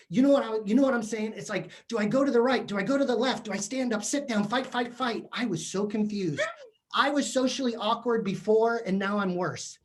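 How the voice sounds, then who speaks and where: Male keynote speaker, comedic and animated, playful questions to the crowd, lively pitch. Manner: animated, jokey, asks the audience questions. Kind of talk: comedic motivational talk. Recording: virtual session.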